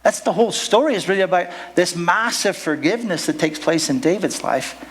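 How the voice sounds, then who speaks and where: A male pastor preaching to his congregation, wandering off into jokes and asides and cutting himself off. His voice sits somewhat high for a man, with a faint hiss in the background. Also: a little fast. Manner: rambling, jokey, with asides and self-interruptions. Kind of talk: sermon. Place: church service.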